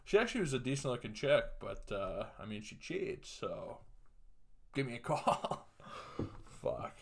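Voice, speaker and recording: A young man tells a story on his solo podcast. His voice sits at an ordinary pitch, and he talks crudely and profanely while chuckling along to his own story. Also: very animated, a little slow, gravelly. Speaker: podcast host.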